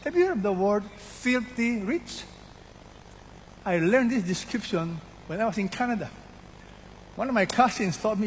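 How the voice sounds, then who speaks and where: An older man preaches a sermon, emphatically repeating key words and putting questions to his congregation. His high-pitched voice swings widely in pitch at a normal speed, with long pauses, slight background noise, and a long hall reverb.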